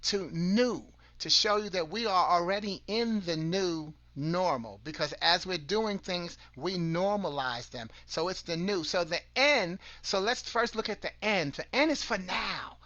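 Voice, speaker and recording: A man's voice: sits high, animated, unhurried, few pauses, bright, forceful tone, no room sound, dull audio. A man hosting an online broadcast, giving an earnest motivational talk that draws on scripture, often repeating and restarting words and asking listeners questions.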